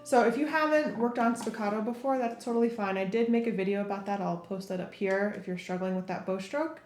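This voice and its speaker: A woman with a medium-pitched, fairly quick voice gives a viola lesson, walking through bowing step by step between played passages. The room is echoey, the viola playing is loud, and music sits in the background.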